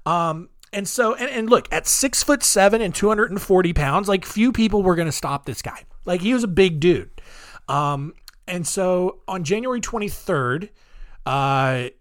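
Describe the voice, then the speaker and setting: A man's voice: high voice, animated, normal speed, a bit bright, no room sound, studio quality. A young man hosting a podcast, telling true-crime stories in a loose, joking way full of ums and asides. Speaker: podcast host. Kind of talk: casual true-crime storytelling.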